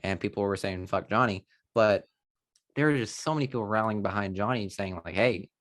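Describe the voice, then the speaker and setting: A man's voice: on the low side, brisk, fairly bright tone, dry recording, clean studio sound. A man co-hosting a movie news podcast, chatting casually with rambling restarts and mild exclamations. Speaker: podcast co-host. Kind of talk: casual chat.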